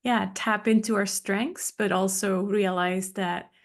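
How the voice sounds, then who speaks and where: A woman hosting a podcast interview, speaking in a relaxed, conversational way. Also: medium pitch, slow pace. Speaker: podcast host.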